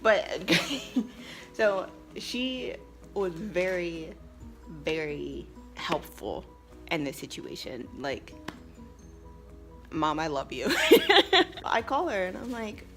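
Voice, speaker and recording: Chatty low-voiced woman vlogger. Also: sing-song, extremely slow, long pauses, a bit bright, faint music behind. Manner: chatty, emphatic, laughs often. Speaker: vlogger and English teacher abroad. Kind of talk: casual storytelling vlog.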